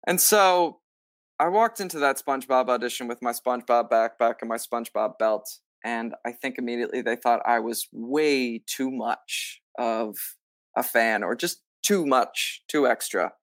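Bright-voiced man telling stories. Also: mid-range voice, normal speed, no echo, clean studio sound. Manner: animated, acts out quoted lines; many filler likes. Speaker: musical theater actor, guest. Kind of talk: casual storytelling interview.

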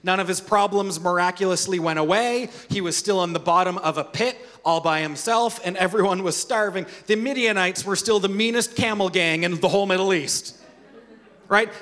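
A high-pitched male pastor delivers a sermon in an earnest, conversational way and poses rhetorical questions to his listeners. His voice carries a long reverb from a large hall. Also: a bit bright.

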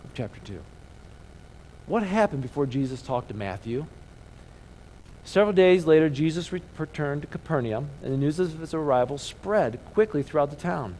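A male pastor with a fairly high, darkish voice preaches conversationally, asking rhetorical questions and inviting the crowd to repeat key words after him. The recording is rough, with a little hiss or hum.

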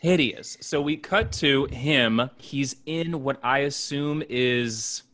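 A man's voice: medium pitch, slow, a bit bright. A man co-hosting a podcast, casually retelling a horror film in loose, profane bursts. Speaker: podcast co-host.

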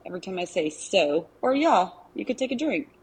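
A woman with a strong Arkansas accent talks in a chatty, folksy way and pokes fun at herself. Her voice is husky and a little breathy. She sounds like a listener sending in a casual recorded message. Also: mid-range voice, sing-song, brisk, a little mellow, low-quality recording. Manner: chatty, folksy, self-teasing.

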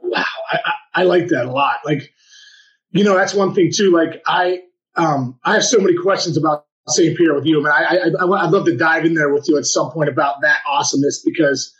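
A man's voice: a little high, brisk, fairly bright tone, highs cut off. A man co-hosting a podcast as a baseball coach, talking with enthusiasm and lots of stumbling restarts. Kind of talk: casual podcast chat.

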